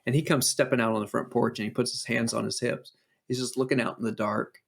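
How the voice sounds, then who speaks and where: A man co-hosting a podcast who tells stories in a casual, animated way, with frequent fillers and restarts. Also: mid-range voice, fast, vocal fry, breathy edge. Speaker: podcast co-host. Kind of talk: casual chat and storytelling.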